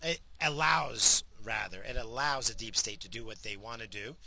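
A man's voice: lowish voice, moderate pace, vocal fry, dry recording. A man delivering a profane, heated political rant, worked up and swearing often. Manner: profane, heated, ranting then calmer.

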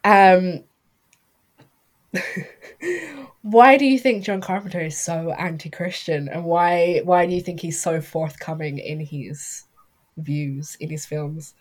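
A woman casually discussing a horror film, chatty, laughing often and filling pauses with ums. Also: on the low side. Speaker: podcast co-host.

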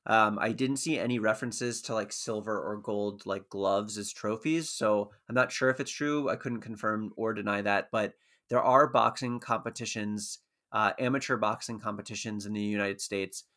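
A man's voice: fairly low pitch, fairly even intonation, moderate pace, a bit bright. A man co-hosting a podcast, casually and analytically talking through a TV episode with frequent fillers. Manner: thoughtful, analytical, uses many fillers. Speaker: podcast co-host. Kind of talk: casual chat recapping a TV show.

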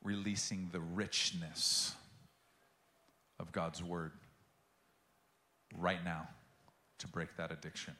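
A man's voice: deep voice, fairly even intonation, slow, long pauses, sharp tone, reverberant. A man preaching a sermon as pastor, telling a story with passion and acting out the quotes.

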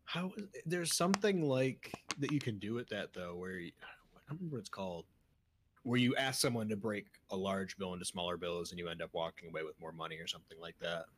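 A man's voice: sits low, fairly quick, few pauses, slight background noise. A young man co-hosting a casual podcast, rambling and trailing off mid-thought with frequent laughs. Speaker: podcast co-host.

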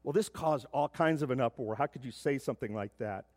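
A middle-aged man preaching a sermon as pastor, emphatic, often repeating words as he builds to loud points. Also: medium pitch, fairly quick, no room sound, studio quality. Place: church sanctuary.

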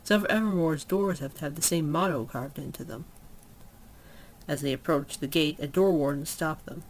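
A storyteller reads a fantasy tale aloud in an unhurried, mid-pitched voice, now and then stumbling and correcting a word. A faint hiss hangs behind the voice, as in a simple homemade recording. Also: rough recording. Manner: unhurried, with small slips and self-corrections.

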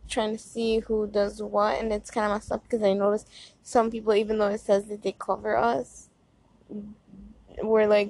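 A woman's voice: mid-range voice, flat delivery, moderate pace, darkish tone. A young woman tells a casual story with a slight lisp, since gauze is packed in her mouth. She rambles, full of "like" and "um", in a mid-range voice. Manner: chatty and rambling, many fillers. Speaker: podcast host. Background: fan noise.

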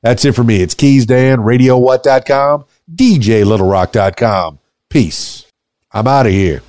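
A man's voice: mid-range voice, measured pace, a little mellow, no echo, studio quality. A man hosting a podcast, signing off with an upbeat, emphatic delivery. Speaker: podcast host. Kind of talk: podcast outro.

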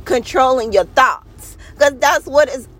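A podcast host with a high, slightly bright voice encourages her listeners in a casual, heartfelt monologue spoken straight to them. She lingers on key words for emphasis, sounding earnest and a little preachy. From start to finish her pace is slow and deliberate.

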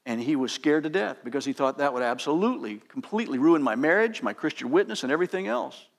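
Higher-voiced man preaching emphatically. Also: lively intonation, fast, gravelly. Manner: emphatic preaching, pitch rising on exhortations. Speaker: pastor. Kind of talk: sermon.

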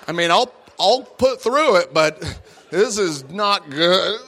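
Animated middle-aged male speaker with a bright, fairly high voice; self-mocking storyteller who acts out the voices for the crowd. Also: measured pace, a little hiss or hum. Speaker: guest speaker. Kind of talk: comedic storytelling talk to an audience. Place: large room before a live audience.

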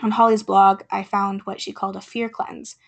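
A woman hosting her own podcast, talking earnestly with many fillers, her voice raspy from being sick. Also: mid-range voice, level tone, normal speed. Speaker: podcast host. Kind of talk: casual podcast talk and poetry reading.

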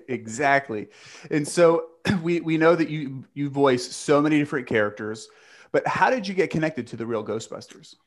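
A man hosting a podcast interview, asking friendly, deliberate questions. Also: fairly high pitch, expressive. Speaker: podcast host. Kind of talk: casual interview.

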